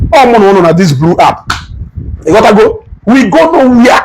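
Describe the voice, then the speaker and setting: Guy ranting commentary, high voice, scolding n repeating himself, faint hiss behind. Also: normal speed, low-quality recording. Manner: animated, scolding, repeats phrases. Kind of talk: heated social media commentary.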